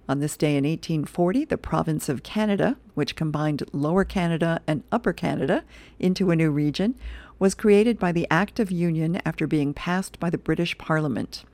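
A woman volunteer reader for a radio reading service, reading comics and history aloud in a steady, clear way. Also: deep voice, no room sound. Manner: steady, clear read-aloud with occasional laughs.

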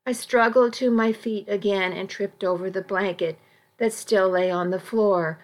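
A woman narrating a first-person story as an audiobook, in a measured, steady storytelling manner. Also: medium pitch.

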